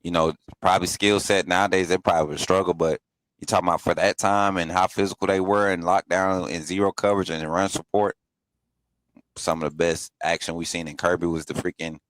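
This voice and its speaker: A man's voice: deep voice, no room sound. A man co-hosting a casual sports chat, laid-back and slangy, laughing often. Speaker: podcast co-host.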